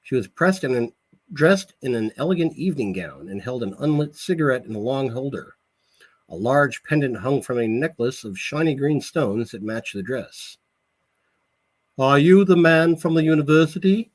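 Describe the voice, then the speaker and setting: Husky man reading his novel aloud. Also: mid-range voice, lively intonation. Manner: measured reading with small slips and self-corrections. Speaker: author.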